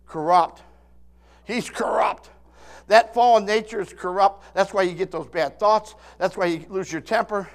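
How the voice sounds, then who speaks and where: A man's voice: sits high, unhurried. A man in his sixties preaches with emphatic force. He restarts and repeats his words often as he goes. He keeps calling out to his listeners for a response. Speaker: pastor. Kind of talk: sermon.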